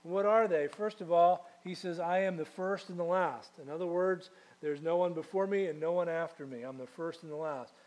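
Conversational male preacher, fairly high voice. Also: moderate pace, hardly any pauses, a little mellow. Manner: conversational preaching with rhetorical questions and asides. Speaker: pastor. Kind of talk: sermon.

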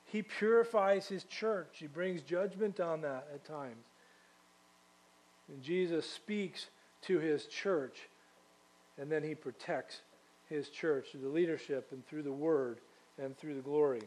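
Male pastor, sermon delivery, chatty with rhetorical questions, slightly high voice. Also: slow pace, a little mellow. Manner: conversational preaching with rhetorical questions and asides.

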